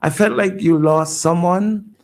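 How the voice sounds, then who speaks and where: A man, a radio station owner telling his story as a guest, halting and repeating words when moved. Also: sits high, fairly even intonation. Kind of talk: emotional personal storytelling.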